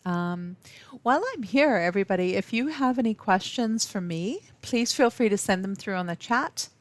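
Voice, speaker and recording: A woman from South Africa hosting a live webinar from an office, speaking warmly and effusively with frequent ums and restarts. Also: mid-range voice, lively intonation, normal speed, dry recording. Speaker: webinar host. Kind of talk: live webinar talk to viewers.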